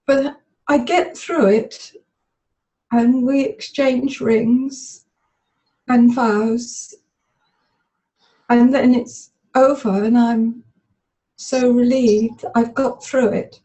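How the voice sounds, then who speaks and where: A woman volunteering in a therapy demonstration, tearfully recalling a memory aloud in the present tense with halting, stop-start phrasing over webinar call audio. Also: on the high side, fairly even intonation, warm tone, rough recording. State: tearful, emotional.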